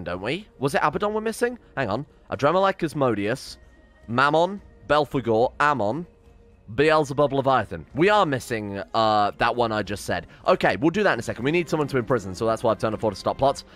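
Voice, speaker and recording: A man's voice: mid-range voice, big pitch swings, a little fast, fairly bright tone, soft background music. A man giving rambling, casual commentary on his strategy game, often cutting himself off and swearing. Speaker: let's-play streamer.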